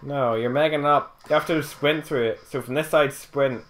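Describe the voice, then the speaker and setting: A young man bantering over a video game, teasing his friend with deadpan insults. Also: fairly high pitch, moderate pace. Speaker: co-host commentating a let's play. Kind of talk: casual banter.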